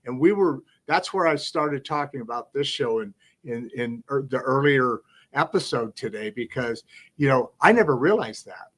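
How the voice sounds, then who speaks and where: A man's voice: mid-range voice, lively intonation, normal speed, a bit bright. A man hosting a live interview show, talking in a rambling, enthusiastic way full of asides and restarts. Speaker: talk show host. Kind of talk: casual live interview chat.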